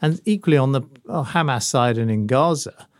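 Low gravelly man, dry close sound. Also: expressive, brisk, dry recording. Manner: thoughtful, hedging with asides. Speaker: podcast co-host, former minister. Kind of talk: political discussion podcast.

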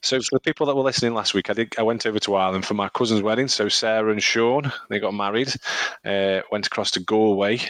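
Man from England, podcast co-host, low voice, rambling casual storytelling. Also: fast, a bit bright, no echo. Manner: rambling anecdote with laughs and repeated words.

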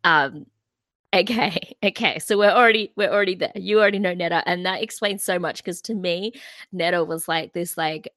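A woman's voice: on the low side, normal speed, fairly bright tone, no room sound. A woman co-hosting a music podcast, chatting in a bubbly, filler-heavy way. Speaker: podcast co-host. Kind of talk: casual music podcast chat.

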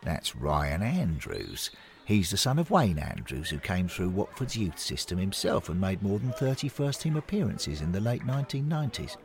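A man voicing a kindly older male ghost who speaks gently and evenly, close to his own voice. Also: low voice, very animated. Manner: gentle, measured.

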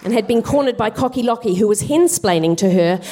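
A woman's voice: on the high side, lively intonation, a little fast, noisy background. A woman comedian telling a comic story on stage with wry, self-deprecating asides. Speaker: co-host, stand-up comedian. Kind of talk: comic storytelling to live audience. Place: theatre stage, live audience.

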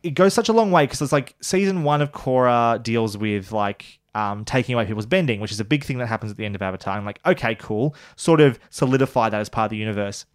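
A man co-hosting a podcast, reviewing an animated series in casual, rambling chat with frequent restarts. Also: mid-range voice, fast, hardly any pauses. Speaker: podcast co-host.

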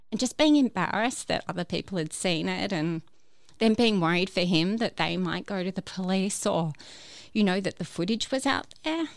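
A woman's voice: medium pitch, creaky, no echo. A woman telling her personal story as a guest, hesitant, with many fillers and restarts. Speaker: podcast guest.

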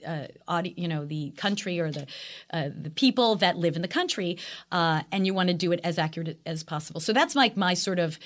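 A middle-aged woman with a Long Island accent, chatting as an actress guest in a casual interview, animated and full of fillers. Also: fairly low pitch. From Long Island, New York.

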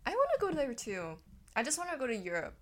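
A woman's voice: high voice, huge pitch swings, quick pace, fairly bright tone. Easygoing young woman guest. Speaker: podcast guest. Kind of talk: casual chat.

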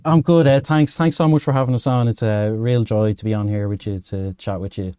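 A man from Dublin with a Dublin Irish accent, speaking as a guest in a casual interview. His voice sits low and mellow, and he rambles through friendly restarts. The sound is dry and close. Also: steady tone, fairly quick, clear, resonant tone, dry recording. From Ireland. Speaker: guest, project co-founder.

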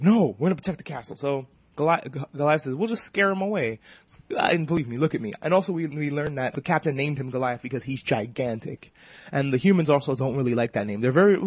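Podcast guy recapping a cartoon super fast, swears a lot, does the characters' lines, kinda husky. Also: medium pitch, dry recording. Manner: excitable, profane, acts out the characters' lines. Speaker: podcast host. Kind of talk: casual episode recap.

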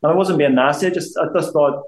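Quick and on the high side, this former boxer from Belfast, Northern Ireland, is in his fifties and guesting in a casual interview. He rambles, repeats himself and keeps restarting his sentences, all on a rough, roomy recording.

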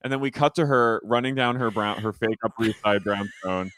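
A man's voice: fairly low pitch, a little fast, dry recording, clean studio sound. A young adult man, chatting casually and acting out characters' lines. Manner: animated, acts out characters' lines in quotes. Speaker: podcast co-host. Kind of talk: casual chat recapping a TV episode.

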